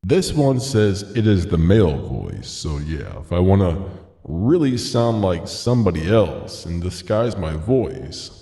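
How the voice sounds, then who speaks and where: A man demonstrating a voice changer that lowers his pitch. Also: sing-song, a little slow, warm tone, husky, exaggerated voice. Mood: playful. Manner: playful demo of effects.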